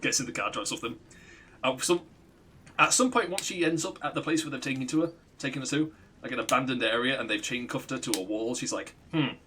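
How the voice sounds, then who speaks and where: A man's voice: medium pitch, fast, bright, forceful tone, slight background noise. A man streaming a game, rambling through a retold story, swearing and laughing often. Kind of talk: casual chat while gaming.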